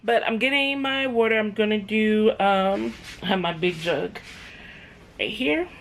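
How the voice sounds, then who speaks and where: A woman chatting casually to her vlog camera at home, laid-back and quick to laugh. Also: mid-range voice, a bit bright, slight background noise. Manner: laid-back, laughs easily, drawn-out words. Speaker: vlogger. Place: indoors at home.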